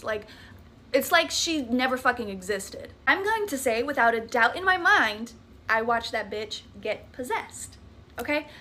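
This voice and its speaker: A woman's voice: fairly high pitch, sharp tone, slight background noise. A woman with a Southern US accent telling a spooky personal story in a chatty, profane, dramatic way. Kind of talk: casual storytime vlog.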